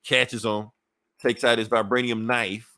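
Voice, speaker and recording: A man's voice: mid-range voice, flat delivery, a little slow, sharp tone, no room sound. A man reviewing a comic book in a casual, profane way, chuckling between points as he retells the story.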